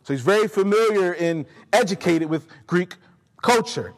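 A man's voice: sits high, lively intonation, normal speed. A man preaching a sermon, emphatic and speaking directly to his congregation in a church. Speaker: pastor. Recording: long hall reverb.

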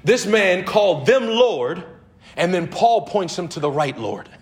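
A man preaching a sermon, emphatic, laughing between phrases and swinging from low murmurs to high shouted emphasis. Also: big pitch swings, a little slow.

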